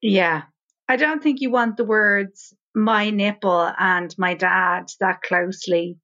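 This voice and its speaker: A woman's voice: medium pitch, slow pace, a bit bright, dull audio. A woman co-hosting a podcast, adding dry, wry remarks in casual chat. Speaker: podcast co-host.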